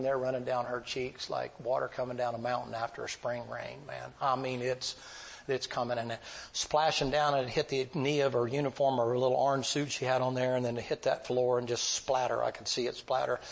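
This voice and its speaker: A man preaching, telling a long story in a folksy, drawn-out way. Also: medium pitch, gravelly, slightly rough, low-quality recording. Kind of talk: sermon storytelling.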